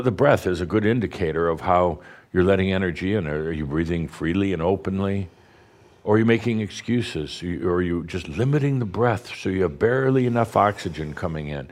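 A man, a spiritual teacher, guiding a group through deep breathing in a playful, teasing way with slow, emphatic phrasing. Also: darkish tone. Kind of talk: guided breathing talk to an audience.

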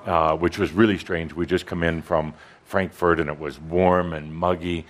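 A man hosting a live gathering and chatting casually with his co-host in front of an audience, relaxed and full of "uh" fillers. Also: sits low, normal speed, slight background noise. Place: gathering room with an audience present.

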